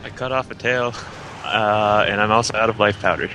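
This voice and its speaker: Low-voiced calm gamer man. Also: moderate pace, a crowd in the background, low-quality recording. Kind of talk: casual gameplay chat.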